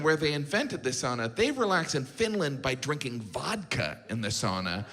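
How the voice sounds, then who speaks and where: Man, stand-up comedian, deadpan, lively pitch, live hall reverb, loud audience. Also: moderate pace, few pauses, very noisy. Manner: deadpan with mock-incredulous asides. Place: large theater stage with a laughing audience.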